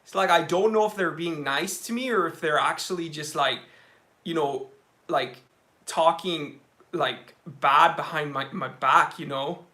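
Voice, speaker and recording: A young man hosting a watch channel live stream, chatting casually and excitedly reading out viewer comments. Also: fairly high pitch, a little slow.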